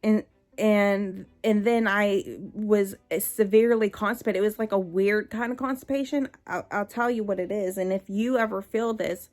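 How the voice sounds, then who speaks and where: A woman's voice: mid-range voice, fairly even intonation, normal speed, darkish tone. A young adult woman vlogging, telling a personal story in a candid, conversational way with many fillers and restarts.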